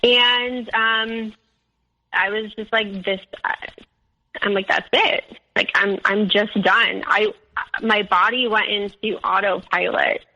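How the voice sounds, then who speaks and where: A young woman being interviewed, telling a personal story candidly, with many fillers and animated quotes of others. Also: medium pitch, slow pace, poor audio. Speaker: interview guest.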